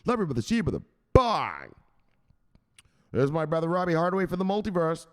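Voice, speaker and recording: A man's voice: on the high side, a little fast, long pauses. A man hosting a crypto news livestream, chatting casually, joking, swearing and greeting viewers by name. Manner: animated, profane, joking, greets chat by name.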